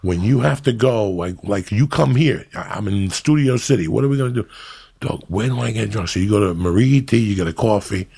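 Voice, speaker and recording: A middle-aged man from New Jersey hosting a podcast, telling stories in a profane, animated, ranting way. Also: on the low side, brisk, gravelly, slightly rough. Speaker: podcast host. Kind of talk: casual podcast banter.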